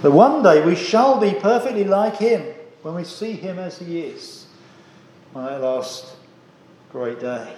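Guy preaching in a church, earnest, lots of questions, slightly high voice, echoey room. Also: expressive, a little slow, darkish tone, a little hiss or hum. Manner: earnest, rhetorical questioning, emphatic repetition. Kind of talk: sermon.

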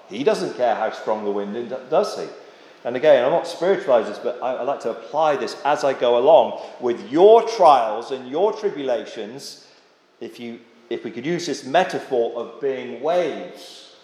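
A man's voice: mid-range voice, darkish tone. A man preaching a sermon, earnest and dramatic, with rhetorical questions and frequent restarts. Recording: echoey hall with long reverb.

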